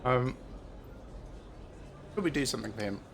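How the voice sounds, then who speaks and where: Man, streamer, casual gameplay commentary, thinking aloud, frequent filler pauses, mid-pitched voice. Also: expressive, gravelly, a bit bright.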